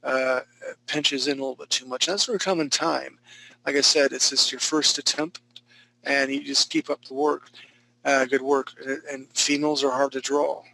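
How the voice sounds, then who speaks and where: A man's voice: medium pitch, steady tone, moderate pace, vocal fry, sharp tone, low-quality recording. A man teaching a live online drawing class, giving casual, encouraging critiques of students' work with jokes and frequent restarts. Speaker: art instructor.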